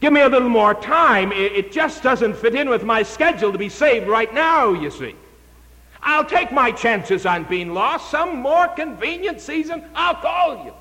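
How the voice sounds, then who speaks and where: A man's voice: very high-pitched, very animated, unhurried, sharp tone, in a large hall, pitched above the performer's own voice, heavily acted, low-quality recording. A preacher voicing a trembling ancient governor, a man who pleads shakily for more time. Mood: pleading. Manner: shaky, pleading, drawn out.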